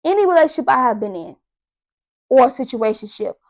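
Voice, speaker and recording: High-voiced woman telling a story. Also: a little fast. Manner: animated storytelling, addresses listeners as y'all. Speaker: podcast host. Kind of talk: casual monologue.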